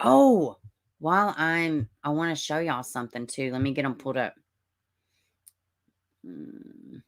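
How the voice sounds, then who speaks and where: A woman's voice: low-pitched, expressive, normal speed. A woman from Middle Tennessee with a Southern accent, chatting casually on a livestream, greeting viewers as honey and baby and reading their comments. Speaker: true-crime livestream host.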